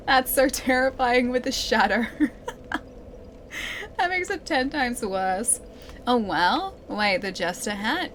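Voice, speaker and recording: A woman's voice: on the high side, lively intonation, takes it slowly, pauses often, a bit bright, a little hiss or hum. A young Australian woman streaming a game, chatting and giggling to her chat as she plays. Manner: chatty, giggly, talks to chat while playing. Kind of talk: let's play commentary.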